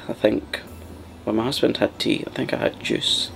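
A man with a deep, heavily gravelly voice chats in a soft ASMR style, drifting between quiet speech and whispers. He rambles easily from thought to thought, with a faint hum of noise behind him. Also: steady tone, moderate pace. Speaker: ASMR channel host. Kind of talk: soft-spoken ASMR chat.

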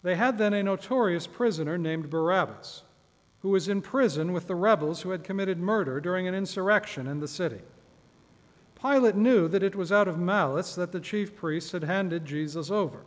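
A man's voice: high-pitched, normal speed. Solemn man reading scripture in church. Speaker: scripture reader at a midweek service. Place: church sanctuary. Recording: echoey church hall.

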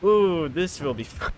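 A man's voice: high voice, slight background noise. A man streaming a video game with casual commentary, giggling often and poking fun at himself. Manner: giggly and self-mocking, laughs often.

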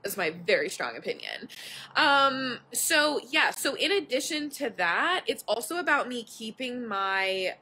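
A young woman talking casually into her phone from the couch, bright and forward in tone. She rambles openly, drops "like" constantly and swears without a second thought. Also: on the high side, very animated, measured pace, slight background noise. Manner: chatty, candid, swears casually, lots of "like". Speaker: podcast host. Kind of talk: casual live chat. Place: at home on a couch.

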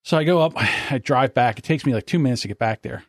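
A man with a South Jersey accent hosting a podcast, telling a profane, animated story. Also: mid-range voice, fast talker, dry recording, clean studio sound. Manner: animated, profane, acts out voices. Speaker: podcast host. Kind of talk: casual storytelling.

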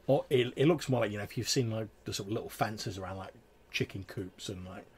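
A man's voice: lowish voice, brisk, darkish tone, breathy edge. A man narrating a tabletop game as game master, rambling through descriptions full of fillers.

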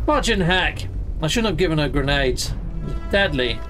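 Guy doing let's play chat, playful, says fudge a lot, highish voice, game music faint behind. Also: animated, normal speed, fairly bright tone. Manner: playful, exclaims, mild mock swearing. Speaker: gaming channel host.

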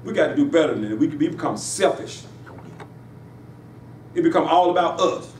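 A man preaching a sermon in a church, with emphatic call-and-response delivery that rises in pitch on his punchlines. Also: animated, moderate pace, far from the mic. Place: church sanctuary. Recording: echoey church room, voice from afar, faint hiss.

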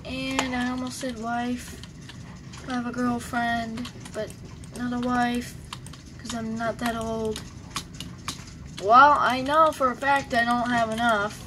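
A woman's voice: fairly high pitch, a little slow, pauses often, background noise. A young woman giving casual, rambling gameplay commentary, joking and talking to herself while she plays. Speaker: gamer.

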